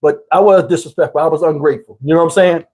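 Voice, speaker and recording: Husky, profane man from New Jersey. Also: on the high side, very fast. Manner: animated, profane, addresses listeners as y'all. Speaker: storyteller. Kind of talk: casual comic storytelling.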